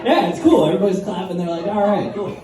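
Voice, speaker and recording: A man with a high-sitting voice talks at a quick pace while performing a stand-up set. He tells crude stories in a laid-back, profane style at a live comedy venue. The recording is echoey, with the mic heard from a distance and crowd noise around.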